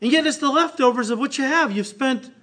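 A male pastor delivering a sermon, his voice high and bright. He is animated and acts out quoted voices with lifts in pitch. His delivery moves between quiet, lowered stretches and louder, raised ones. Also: fairly quick.

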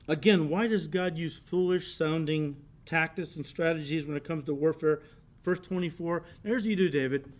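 Male pastor, middle-aged, high pitch; animated storytelling sermon with big volume shifts.

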